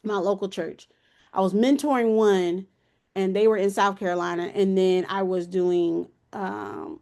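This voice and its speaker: A woman in her thirties hosting a podcast, telling a personal story in a candid, emotional, colloquial way. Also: medium pitch. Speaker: podcast host.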